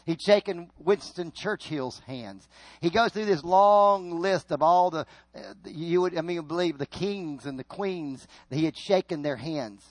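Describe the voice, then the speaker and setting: Storytelling pastor, dry close sound. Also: male voice, on the high side, a little slow, dry recording. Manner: storytelling, rising to loud emphatic peaks and dropping to hushed asides. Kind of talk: sermon.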